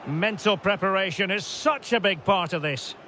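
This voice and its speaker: A man giving scripted football commentary in a video game, brisk short calls that rise at big chances. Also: high voice. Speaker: play-by-play commentator. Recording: loud game crowd noise behind.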